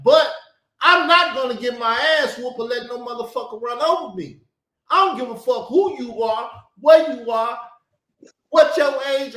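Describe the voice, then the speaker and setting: A man's voice: very high-pitched, pushed and bright, echoey room. A man talking bluntly and heatedly in a casual chat, swearing often and stressing his words. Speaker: show host.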